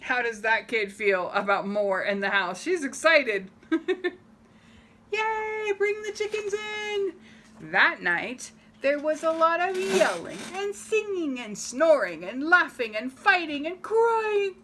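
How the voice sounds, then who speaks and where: A woman whose voice sits high reads a children's picture book at an unhurried pace with few pauses. Lively throughout, she acts out the plot and asks the kids questions along the way.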